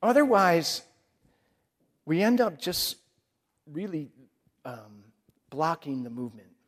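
A man's voice: fairly high pitch, sing-song, slow. A man preaching a sermon in a conversational way, acting out people's inner voices.

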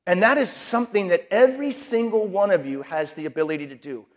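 A man's voice: high voice, brisk. A man preaching a sermon in a conversational way, acting out people's inner voices.

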